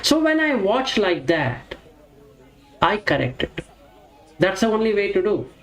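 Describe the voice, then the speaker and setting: A man's voice: high-pitched, very animated, a little slow, a bit bright. A man giving a reflective teaching talk on Buddhist practice, explaining step by step and asking and answering his own questions. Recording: roomy echo with faint music.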